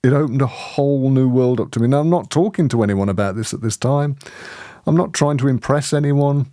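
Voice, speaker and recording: Guy chatting, animated storyteller, laughs a lot, warm low tone, dead dry sound. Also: a little fast, dry recording. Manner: animated, laughs often, many restarts. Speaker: host of a spiritual community. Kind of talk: conversational storytelling.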